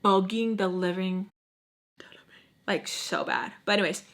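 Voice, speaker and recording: A woman's voice: mid-range voice, measured pace, creaky, fairly bright tone. A young woman telling a storytime on her vlog, chatty and full of "like", dropping in Spanish phrases and acting out the people in her story. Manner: acts out quoted people with voice changes. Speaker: storytime vlogger. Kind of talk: casual storytime chat.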